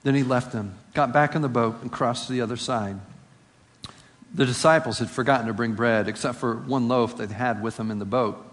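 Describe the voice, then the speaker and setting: A man's voice: medium pitch, steady tone, a little fast. A man preaching a sermon. He reads scripture aloud, then explains it conversationally and asks rhetorical questions. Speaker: pastor. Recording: long reverb of a large hall.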